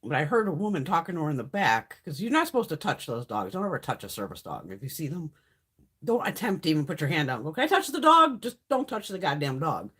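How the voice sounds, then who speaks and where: A woman's voice: low-pitched, quick pace, breathy edge. A middle-aged woman from Connecticut hosting a livestream, telling blunt, profanity-laced stories in casual chat while she is stuffy from a sinus infection. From Connecticut, USA. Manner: blunt, swears freely, lively storytelling. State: stuffy nose. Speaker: livestream host.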